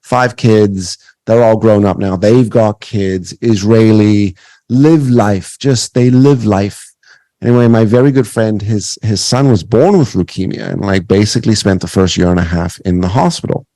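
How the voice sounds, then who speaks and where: A man in his thirties hosts a podcast interview, telling stories conversationally with many restarts and repeated words. His voice is lowish and dark at a moderate pace, with no echo but poor audio quality.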